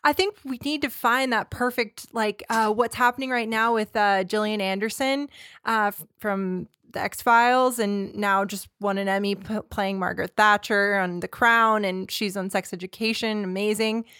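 A woman's voice: mid-range voice, fairly even intonation, moderate pace, bright, forceful tone, clean tone, no echo, studio quality. A woman co-hosting a casual film podcast, chatty and rambling, with frequent restarts and laughter. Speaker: podcast co-host.

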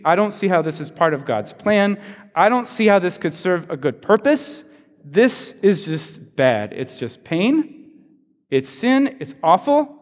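High-voiced pastor telling a story. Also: male voice. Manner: conversational storytelling, acts out quotes. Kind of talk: sermon. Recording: long reverb in a large hall.

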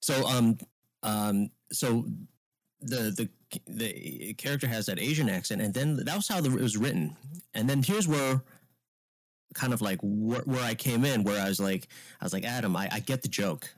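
A man's voice: mid-range voice, lively intonation, normal speed, dry recording. A man who acts, talking candidly as a guest in a casual interview, rambling and restarting as he tells stories. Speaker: actor guest.

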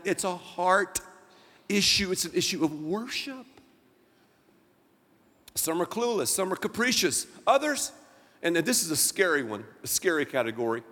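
A man preaching a sermon as pastor, emphatic, rising to near shouts and dropping low. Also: in a large hall. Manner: emphatic preaching with wide swings of loudness and pitch.

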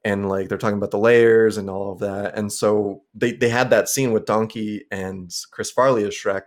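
A man's voice: lowish voice, steady tone, moderate pace. A young man co-hosting a podcast in casual chat, rambling with lots of filler words and the odd swear. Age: young adult. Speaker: podcast co-host.

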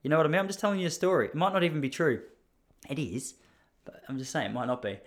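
A man's voice: on the high side, very animated, very fast. An Australian man in his thirties, telling a casual story in a rambling, self-deprecating way with many asides. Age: 30s.

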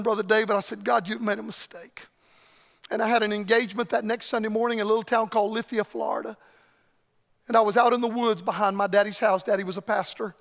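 A man in his sixties preaching a revival sermon as a visiting evangelist, fiery, swinging between shouts and low murmurs. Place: church sanctuary. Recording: reverberant church hall.

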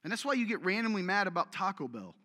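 Male pastor, slightly high voice, chatty sermon delivery, long reverb of a church hall. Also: very animated, quick pace, bright, forceful tone. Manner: conversational, acts out quoted voices, jokes with the audience.

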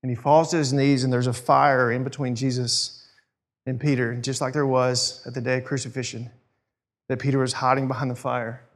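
A man's voice: mid-range voice, a little fast. A man preaching a sermon in a casual, storytelling way. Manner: conversational storytelling, animated. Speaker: pastor.

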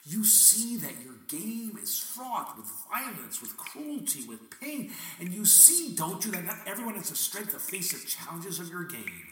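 A man's voice: sits high, sing-song, moderate pace, few pauses, bright, forceful tone. A man delivering a dramatic spoken monologue addressed to God, theatrical and questioning, wry and prone to bursts of swearing. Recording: echoey room, mic at a distance, faint noise.

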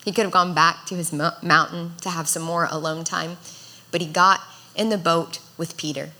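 A woman's voice: on the low side, fairly even intonation, normal speed, bright, forceful tone. A woman in her thirties preaching a sermon, earnest and exhorting, building to fervent calls to the congregation. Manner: earnest, exhorting, rises in intensity.

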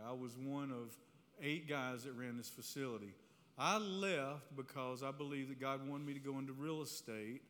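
A man preaching a testimony to a live audience in a church hall, telling his story in an animated, conversational way that keeps checking in with "right?". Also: medium pitch. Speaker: speaker giving a testimony. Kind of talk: sermon-style testimony storytelling. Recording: reverberant hall, faint room noise.

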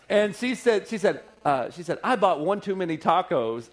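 A man preaching, telling a personal story in a sermon with lively acted-out quotes and frequent laughter. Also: high-pitched, moderate pace, a little hiss or hum. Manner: animated storyteller, acts out quotes, laughs often. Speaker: pastor. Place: church service.

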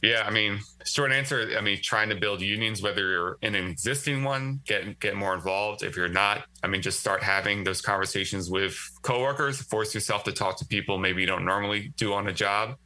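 A man's voice: lowish voice, fairly quick, hardly any pauses, bright, forceful tone, rough recording. A man speaking as a guest writer in a casual political discussion, talkative and thinking aloud with frequent restarts.

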